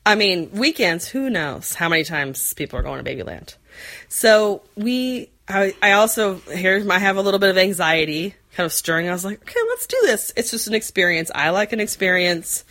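A woman in her forties tells a long, rambling story in a casual chat, with lots of fillers and quick laughs. Her voice sits a bit low for a woman. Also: fairly bright tone. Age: 40s. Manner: rambling, chatty, many fillers, frequent laughs.

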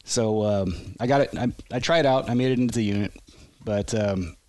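Relaxed rambling man telling stories. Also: lowish voice, normal speed, dry recording. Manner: rambling, self-interrupting storyteller who laughs often. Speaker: podcast guest, army veteran. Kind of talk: casual storytelling.

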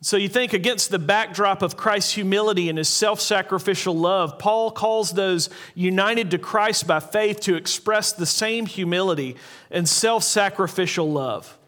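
A man with a notably high voice delivers an earnest sermon. He slows down to stress key points and repeats important lines. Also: a bit bright. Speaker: pastor.

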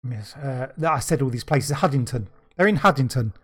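A man's voice: mid-range voice, lively intonation, moderate pace, fairly bright tone, slightly rough. Joking man reading history notes. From London. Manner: swearing, jokey asides while reading. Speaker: podcast co-host. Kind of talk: casual podcast chat, reading history notes.

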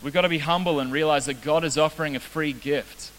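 A man's voice: on the high side, fast talker, fairly bright tone. A young man preaching a casual, joking sermon as a youth pastor. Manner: casual, joking, self-deprecating. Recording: reverberant hall with faint hiss.

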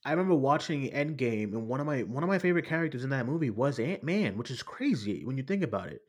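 A man co-hosting a casual pop-culture podcast, talking in an animated way with plenty of swearing. His voice sits in an ordinary middle pitch for a man, and he laughs often as he retells scenes. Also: quick pace. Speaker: podcast co-host.

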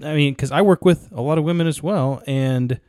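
A man's voice: fairly high pitch, moderate pace, darkish tone, no echo, clean studio sound. A man co-hosting a casual podcast, weighing his words and hedging as he talks. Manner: thoughtful, hedging with "I mean". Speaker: podcast co-host.

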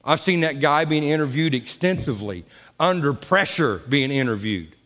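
A man's voice: on the high side, lively intonation, moderate pace, fairly bright tone. A pastor preaching a folksy, repetitive sermon in his church sanctuary. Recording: long church reverb.

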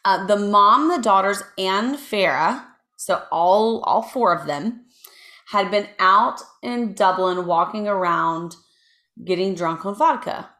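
A woman co-hosting a podcast casually tells a true crime story, chatting with lots of ums and asides while reading from notes. Her mid-range voice is a bit bright, and she takes her time.

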